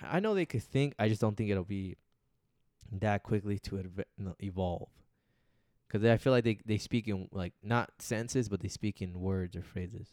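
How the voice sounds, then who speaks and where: A man's voice: fairly low pitch, moderate pace, darkish tone, dry recording, studio quality. A man co-hosting a casual podcast who chats in a laid-back way and jokes around. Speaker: podcast co-host. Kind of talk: casual chat.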